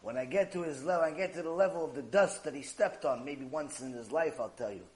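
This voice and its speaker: Guy teaching a torah class, high voice that jumps all over, acts out the lines. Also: fairly quick. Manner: animated storytelling, acting out dialogue. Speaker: Torah lecturer.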